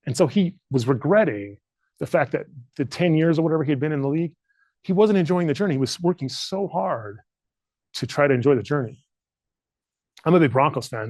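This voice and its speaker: A man's voice: medium pitch, a little mellow, no echo. A middle-aged man leading a leadership workshop, speaking earnestly and candidly, fighting back tears. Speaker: leadership trainer. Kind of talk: emotional workshop talk. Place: training room.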